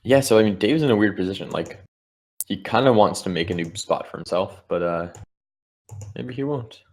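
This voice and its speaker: A man's voice: lowish voice, moderate pace. A man giving live commentary on a board game match, explaining the strategy of each move. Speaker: Scrabble commentator.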